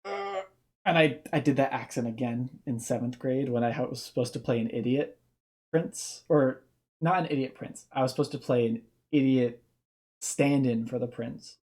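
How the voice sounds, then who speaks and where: A man's voice: mid-range voice, normal speed, darkish tone. A young man giving casual reaction commentary, rambling off on tangents and restarting his sentences.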